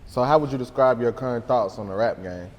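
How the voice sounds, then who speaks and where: A man interviewing a guest, asking questions in a relaxed, conversational way. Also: mid-range voice, brisk, long reverb tail. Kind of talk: casual interview.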